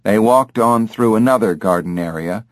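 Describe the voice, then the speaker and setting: A man narrating an audiobook in a measured, expressive way. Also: fairly low pitch, dry recording, studio quality. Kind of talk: scripted narration.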